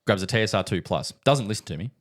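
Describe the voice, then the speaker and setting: A young man co-hosting a casual podcast, his voice sitting a little low. He tells stories in an animated way, repeating words and swearing freely. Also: fast talker. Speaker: podcast co-host. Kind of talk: casual chat.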